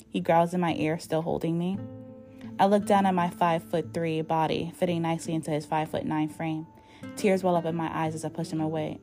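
A woman's voice: low-pitched, little pitch movement, fairly quick, mellow, faint music behind. A woman narrating a first-person story, reading heated dialogue with emotion.

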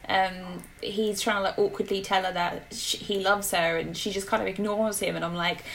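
Chatty British woman with a gravelly voice. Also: medium pitch, moderate pace, slight background noise, low-quality recording. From Britain. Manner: chatty, animated, laughs easily. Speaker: podcast co-host. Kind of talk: casual chat.

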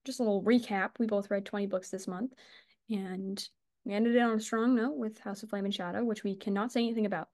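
A woman's voice: medium pitch, fairly even intonation, quick pace, darkish tone. A woman co-hosting a casual book podcast, gushing and chatty, swearing and laughing as she talks. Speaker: podcast co-host.

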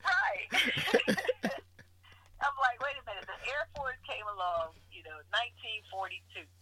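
A woman guest telling her story in a casual interview, animated and often laughing as she acts out what people said. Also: mid-range voice, slow pace, poor audio.

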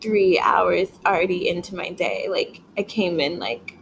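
A woman's voice: lowish voice, measured pace, gravelly, slight background noise, poor audio. A sleepy woman chatting casually in a vlog, rambling and saying "like" a lot. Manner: rambling, heavy use of "like".

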